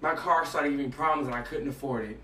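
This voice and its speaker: A man talks about faith in casual conversation, his voice bright and forceful as he acts out stories with lively energy. He sits a little away from the mic, and the room around him is noticeably echoey, with a faint hiss of noise underneath. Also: medium pitch, fast, distant mic. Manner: animated storytelling, acts out dialogue.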